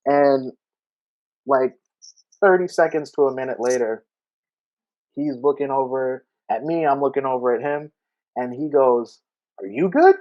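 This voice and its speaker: A man's voice: mid-range voice, unhurried, pauses often. Laughing man telling a story, lo-fi. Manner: animated, laughing storyteller acting out quotes. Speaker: podcast co-host. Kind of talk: casual storytelling chat.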